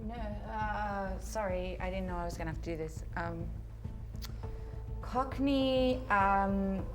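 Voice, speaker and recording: A woman's voice: medium pitch, slow, over music. A woman speaking in a hesitant way, full of fillers. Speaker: comedy student.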